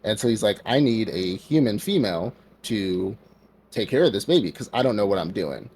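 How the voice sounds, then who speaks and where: A man with a fairly low voice retells an anime story in a loose, rambling podcast style. He slips into the characters' lines and fills his talk with "like". A faint hiss sits under the recording. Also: lively intonation, normal speed, a little mellow. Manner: loose storytelling, acts out quotes, many fillers like "like". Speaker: podcast co-host. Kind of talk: casual anime recap.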